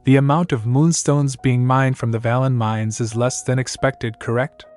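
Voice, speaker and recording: A man's voice: mid-range voice, steady tone, moderate pace, darkish tone, faint music behind, close to an everyday voice. A man reading as a fearful young princess. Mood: anxious. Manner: reads her lines plainly in his own voice.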